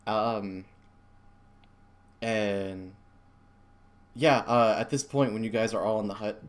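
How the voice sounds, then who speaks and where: A man's voice: fairly low pitch, steady tone, takes it slowly. A man running a tabletop game as game master, chatty and loose, often laughing.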